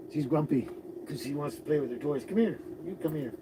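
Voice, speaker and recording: A man hosting a casual live stream, greeting viewers and chatting in a relaxed, rambling way with frequent chuckles. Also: a little high, moderate pace, long pauses. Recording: noisy recording with birds behind.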